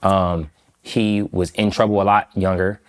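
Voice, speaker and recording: A man from Michigan, a guest in an interview, recounting a personal story in a slow, halting, reflective way with many pauses. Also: low-pitched, level tone. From Michigan, USA.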